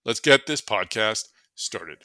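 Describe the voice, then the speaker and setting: A man's voice: on the low side, expressive, slow, sharp tone, dry recording. A man with a Boston accent hosting a podcast in an upbeat, casual way, with plenty of fillers. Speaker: podcast host.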